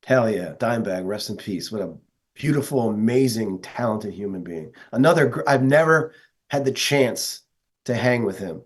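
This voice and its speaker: A man's voice: fairly low pitch, lively intonation, normal speed, breathy edge. A man from the northeastern United States, a guest telling stories in an earnest, enthusiastic way during a casual interview. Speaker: guest, metal vocalist.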